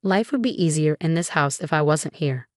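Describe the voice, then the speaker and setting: A woman reading the lines of a kind, gentle older mother-in-law in an audio story. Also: low voice, expressive, moderate pace, no echo, studio quality. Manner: gentle, pleading.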